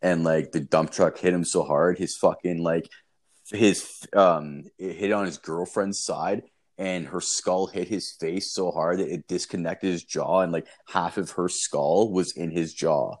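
A man's voice: low voice, fairly even intonation, a little slow. A young man telling a long, profane, rambling story in casual chat.

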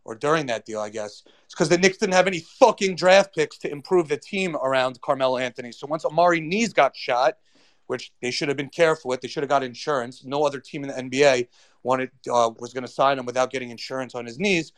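A man's voice: medium pitch, quick pace. A man on a sports show, ranting profanely and pressing each point with emphasis. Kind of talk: sports rant.

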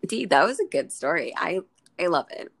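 A woman's voice: lowish voice, very animated, moderate pace, creaky. A young woman co-hosting a podcast in casual chat, joking, swearing and laughing often. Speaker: podcast co-host.

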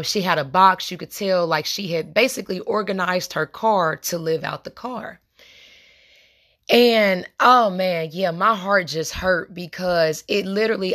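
A young adult woman with a lowish, fairly bright voice hosts a podcast monologue. She's impassioned yet conversational, speaking straight to her listeners and calling them "y'all."

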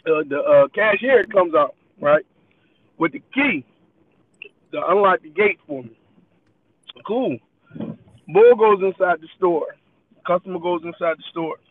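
High-voiced man telling a story over a tinny line. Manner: loose, laughing, rambling. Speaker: podcast co-host. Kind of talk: casual storytelling chat.

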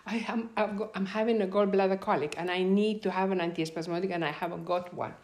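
A woman recounts a personal story in an interview with a voice of ordinary pitch. She acts out each speaker's lines as she tells it and laughs often. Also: fast. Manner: animated, acts out quoted dialogue; laughs often while telling.

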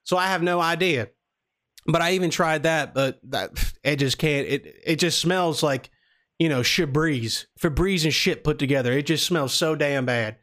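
A man's voice: on the high side, normal speed, fairly bright tone, close to an everyday voice. A man voicing a lonely Southern country guy who stammers and rambles on a prank phone call. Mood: rambling. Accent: American Southern (put on). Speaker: prank caller.

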